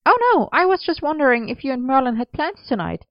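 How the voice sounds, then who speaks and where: A woman's voice: high voice, big pitch swings, quick pace, no echo, voice pushed up. A woman voicing a cheerful young woman coworker, raised and eager, in a dull, dry recording.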